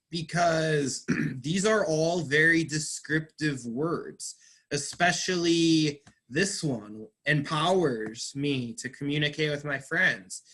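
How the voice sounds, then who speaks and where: A man teaching English, explaining slowly and patiently, stressing words. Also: a little high, sharp tone. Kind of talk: online class teaching.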